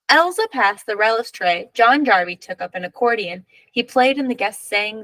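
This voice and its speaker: A woman reading a picture book aloud with expressive storytelling. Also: a little high, moderate pace, few pauses, no echo, rough recording. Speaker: reader.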